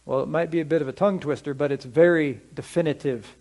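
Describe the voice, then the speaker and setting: Pastor guy preaching sunday service, kinda high voice, asks the congregation stuff. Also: darkish tone. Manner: conversational, asks the congregation questions; slows down to stress scripture quotes. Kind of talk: sermon.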